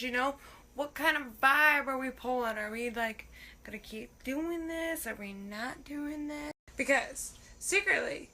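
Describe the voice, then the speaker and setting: High bright-voiced young woman joking. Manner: casual, swearing, acts out inner thoughts. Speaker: comedian. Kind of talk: comic monologue.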